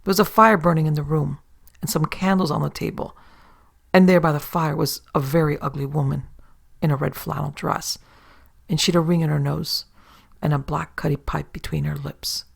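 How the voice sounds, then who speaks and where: Woman narrator, horror sea story, folksy yarn telling, gravelly, husky. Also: sits low, steady tone, moderate pace.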